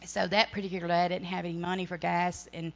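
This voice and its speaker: A woman's voice: lowish voice, little pitch movement, quick pace, gravelly, a bit bright, highs cut off. A middle-aged woman sharing a church testimony, earnest and rambling, often correcting herself. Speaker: ministry speaker.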